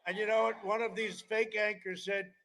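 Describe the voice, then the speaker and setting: A man's voice: high voice, level tone, normal speed, a bit bright, a little hiss or hum, rough recording. A man in his seventies giving a campaign rally speech, rambling and digressive, with mocking asides. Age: 70s. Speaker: politician addressing a campaign rally.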